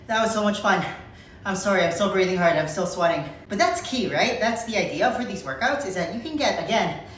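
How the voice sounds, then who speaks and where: A man's voice: high voice, fairly bright tone. A man talking casually to the camera as a fitness coach, upbeat and direct with a joking streak. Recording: echoey room with faint noise.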